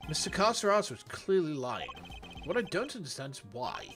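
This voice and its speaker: A man voicing a composed male prosecutor with a measured, precise, formal delivery. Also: on the high side, very animated, a bit bright, soft background music.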